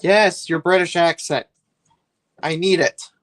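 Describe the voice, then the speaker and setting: A man's voice: fairly high pitch, steady tone, slow pace, fairly bright tone. A man streaming live while he builds a set, rambling and chatty, complaining with a laugh.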